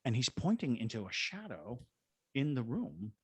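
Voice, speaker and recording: A man's voice: medium pitch, huge pitch swings, moderate pace, breathy edge, dry recording. A middle-aged man from Georgia in the United States, a paranormal investigator, telling a story in a podcast interview and acting out the voices of the people in it. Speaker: guest, paranormal investigator and ghost tour guide.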